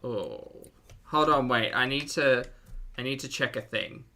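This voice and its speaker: A man's voice: medium pitch, measured pace, sharp tone. A man with an Australian accent hosting a live reaction stream, chatting casually, laughing often and reading out chat messages.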